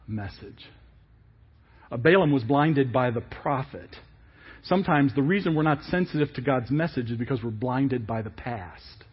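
A male pastor preaching a sermon in an animated way, asking many rhetorical questions. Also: medium pitch, slightly rough, lo-fi sound.

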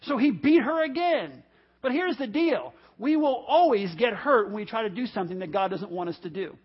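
A male pastor preaching a sermon, animated and storytelling, acting out the voices in the stories he tells. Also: sits high, husky. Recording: dull lo-fi audio.

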